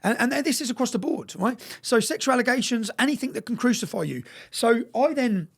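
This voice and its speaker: A man telling a story in an interview, talking fast, swearing and repeating words, often asking "yeah?". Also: very high-pitched, animated, creaky, husky. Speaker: interview guest.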